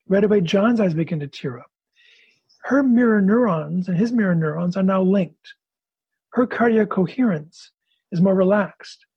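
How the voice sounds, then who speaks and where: A man's voice: high voice, moderate pace, husky, no room sound, highs cut off. A male therapist explaining his method and acting out a couple's session. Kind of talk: explanatory talk with role-play demonstration.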